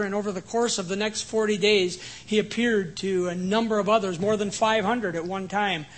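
High-voiced man preaching. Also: poor audio. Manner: earnest preaching, drops to a hushed prayer. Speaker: pastor. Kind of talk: sermon.

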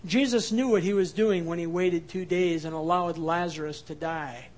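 A male pastor preaching a sermon, moving from lively acted-out quotes to soft, low, quiet passages. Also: moderate pace. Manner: dynamic preaching, acts out quoted voices, drops to soft low tones.

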